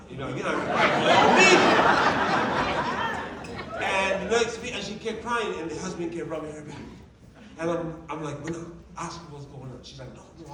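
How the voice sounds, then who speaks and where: A man, a coach and motivational speaker, tells personal stories to a live audience in an animated, emotional way. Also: high voice, a little hiss or hum. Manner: animated, emotional storytelling with shifting volume and quick asides. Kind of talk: storytelling talk to a live audience. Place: large event room. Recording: echoey hall, distant mic, audience nearby.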